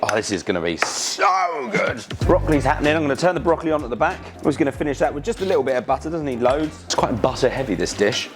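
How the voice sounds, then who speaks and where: Male cooking host, upbeat and slangy, mid pitch, music bed under the voice. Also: wildly swooping pitch, fast, few pauses. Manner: chatty, enthusiastic, slangy. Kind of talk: casual cooking demonstration. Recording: music playing behind.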